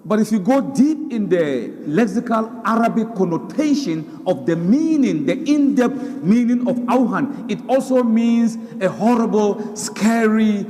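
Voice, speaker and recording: A man preaching a sermon, animated, reciting Arabic verses and repeating words for emphasis. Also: sits high, unhurried, hardly any pauses, big-room sound. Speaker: Islamic preacher.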